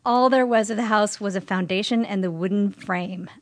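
A woman's voice: medium pitch, moderate pace, crowd noise. Wisecracking woman reading a letter. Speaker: guest reading listener emails. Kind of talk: casual chat, reading a letter aloud.

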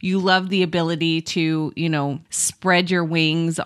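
Friendly woman host, lower voice. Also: little pitch movement, measured pace, clean tone, no room sound, clean studio sound. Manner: friendly, laughs easily, thinks aloud. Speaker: podcast host. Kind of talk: casual chat.

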